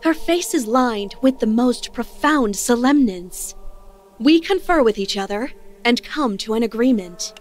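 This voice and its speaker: An eerie, clinical narrator in a game, describing in a measured, detached way. Her voice sits a little high. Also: lively intonation, a little mellow.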